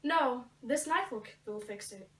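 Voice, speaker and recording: A woman's voice: sits high, animated, a little hiss or hum. Teen girl playing frightened Juliet. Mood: fearful. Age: teens. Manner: anxious, halting, talking to herself. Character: frightened young woman Juliet alone. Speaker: student actor. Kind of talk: amateur school play. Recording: echoey room, from far off.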